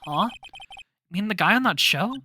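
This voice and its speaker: A woman voicing a weary young male lawyer who talks flat and deadpan. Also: mid-range voice, moderate pace, husky. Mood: groggy.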